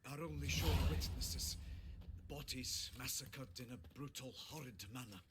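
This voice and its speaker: An actor playing a solemn knight herald in a video game, speaking in formal, ceremonious, declamatory lines. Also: male voice, medium pitch, expressive, a little slow, very noisy, natural voice.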